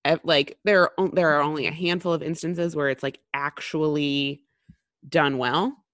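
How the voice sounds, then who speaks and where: A woman in her thirties co-hosting a casual podcast chat, talking fast and loose with lots of fillers and restarts. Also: low voice, fairly even intonation, a bit bright, no echo, clean studio sound. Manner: chatty, many fillers and restarts. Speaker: podcast co-host.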